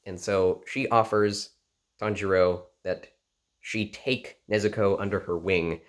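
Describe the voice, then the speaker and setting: A man casually recapping an anime episode in an animated way, full of "like" and "you know". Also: lowish voice, unhurried. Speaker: anime reviewer.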